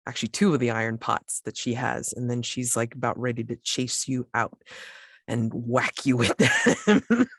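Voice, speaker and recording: A woman running a tabletop game as game master, narrating slowly and hesitantly, with many restarts. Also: a bass voice, animated, breathy edge, no echo, studio quality.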